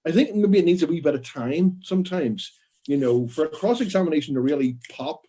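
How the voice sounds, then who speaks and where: A man's voice: a little high, fairly quick, husky. A man chatting on a panel over a video call, acting out the people he describes. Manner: expressive, acts out people he describes. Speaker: crime writer and former lawyer on a panel. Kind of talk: casual panel chat.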